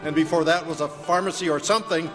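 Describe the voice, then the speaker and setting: An actor narrating a comedy sketch in a wry, dry manner. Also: male voice, fairly high pitch, fairly even intonation, fast, big-room sound, over music, close to an everyday voice.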